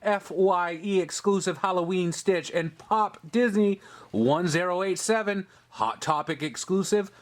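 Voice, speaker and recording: A man with a high-sitting voice, talking a little slowly, hosts a toy review channel. He chats in an upbeat, casual way while pointing out details on each figure.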